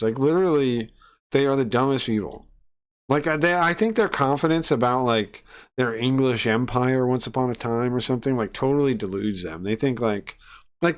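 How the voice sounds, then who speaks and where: A man from the United States on a casual live stream, ranting in a profane, scornful way into a desk mic. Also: medium pitch.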